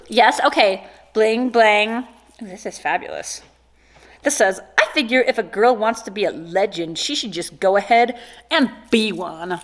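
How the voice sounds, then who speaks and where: A woman's voice: medium pitch, lively intonation, moderate pace, fairly bright tone, a little hiss or hum. A woman in her thirties vlogging casually as she unboxes gifts, gushing and joking with her viewers. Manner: gushing and playful, jokes and exclamations.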